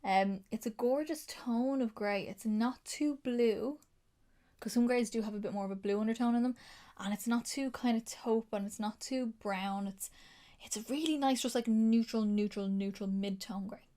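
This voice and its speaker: A woman's voice: on the high side, moderate pace, dark tone. A young Irish woman talking casually through a makeup palette review, gushing and chatty with plenty of fillers. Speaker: beauty vlogger.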